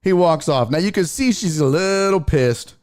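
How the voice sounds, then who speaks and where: Animated, profane sports talk host. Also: male voice, fairly high pitch, normal speed, clean tone. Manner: profane, animated, reads chat aloud. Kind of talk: casual livestream commentary.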